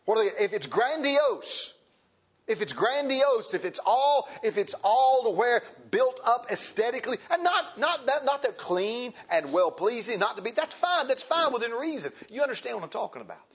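A man's voice: very high-pitched, very animated, moderate pace, breathy edge, highs cut off. A man preaching a sermon to his congregation, emphatic and repeating his points, calling them brethren. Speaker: pastor.

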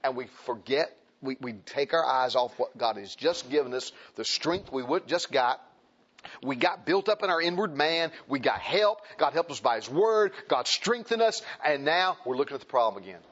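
Husky-voiced preacher man, animated. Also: medium pitch, normal speed, lo-fi sound. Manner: emphatic, animated preaching that addresses the congregation. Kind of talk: sermon.

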